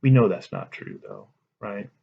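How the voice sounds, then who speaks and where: A man's voice: fairly low pitch, wildly swooping pitch, unhurried, creaky, slightly rough, phone-quality sound. A man teaching a class. He reads a story aloud and breaks off to talk it through in a casual way, often asking his listeners if they follow. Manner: conversational, checks in with listeners. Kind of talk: reading a story aloud with commentary.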